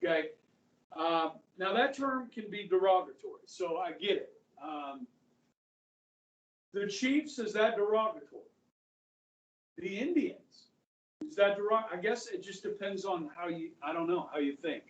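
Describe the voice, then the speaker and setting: A middle-aged man teaching a high school history class, chatty, quizzing students and saying "okay" often. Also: lively intonation, a little slow, long pauses, dull audio. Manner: conversational, asks the class questions, frequent "okay". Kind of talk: classroom lecture. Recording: echoey room, voice from far off.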